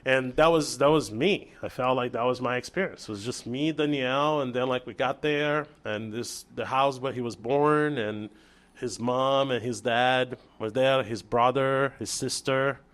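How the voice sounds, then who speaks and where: A man from Brazil, a chef guest on an interview show, telling a story in casual chat with lively restarts and acted-out dialogue. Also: medium pitch, measured pace. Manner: animated storyteller, acts out quoted dialogue, many restarts.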